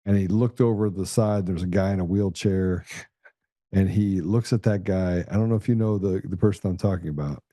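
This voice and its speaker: A man hosting a podcast, telling blunt, profane, animated stories in a casual conversational way. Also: sits low, normal speed, dry recording, clean studio sound. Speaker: podcast host.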